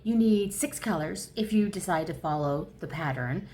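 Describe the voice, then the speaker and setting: A woman in her fifties chatting casually at home for her crochet vlog, rambling and easily excited. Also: fairly low pitch, moderate pace. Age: 50s. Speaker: crochet vlogger. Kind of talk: casual chat.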